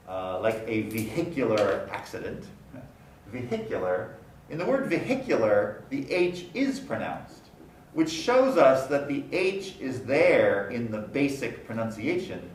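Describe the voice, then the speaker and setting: A man giving a university lecture, explaining step by step and slowly repeating example words. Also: mid-range voice, far from the mic. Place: lecture room. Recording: roomy sound from off the mic, faint noise.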